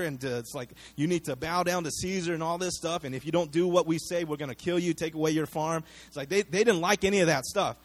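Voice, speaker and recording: Animated, conversational man preaching. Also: fairly high pitch. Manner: conversational, animated storytelling with acted-out quotes; frequent fillers and repeated words. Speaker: pastor. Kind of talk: sermon.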